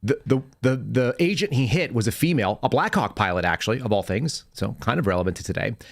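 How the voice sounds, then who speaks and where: A man hosting a podcast, telling rambling anecdotes in casual chat, with quick self-corrections. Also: mid-range voice, animated, gravelly, no echo, clean studio sound. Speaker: podcast host, former FBI agent.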